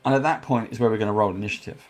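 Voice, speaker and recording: A man running a tabletop game as dungeon master, describing scenes slowly and adding sound effects. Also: on the low side, crowd noise.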